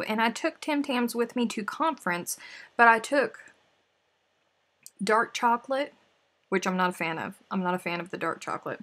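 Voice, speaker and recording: A woman with a twang chats casually with her livestream viewers, playful and talkative as she answers comments between snacks. Her voice has a husky, slightly breathy texture. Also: a little high, normal speed, fairly bright tone. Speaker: crochet livestream host.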